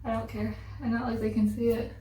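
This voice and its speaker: Young woman vlogger, chatty and a bit high. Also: level tone, a little fast, dark tone, a little hiss or hum. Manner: chatty, exasperated retelling with lots of "like". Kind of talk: casual storytelling chat. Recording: roomy echo, voice from a distance.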